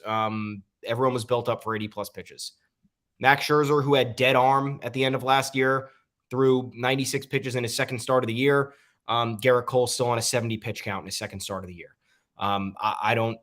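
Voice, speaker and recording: A man's voice: medium pitch, fairly bright tone. A man co-hosting a casual sports podcast, opinionated and leaning on frequent "um" fillers. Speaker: podcast co-host.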